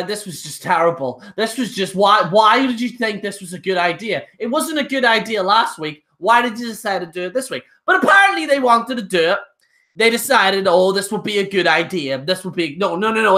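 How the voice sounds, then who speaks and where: A man's voice: sits high, sharp tone. Blunt, rambling young male reviewer. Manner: blunt, ranting, rambling with many restarts. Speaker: wrestling show reviewer. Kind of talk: casual live-stream rant.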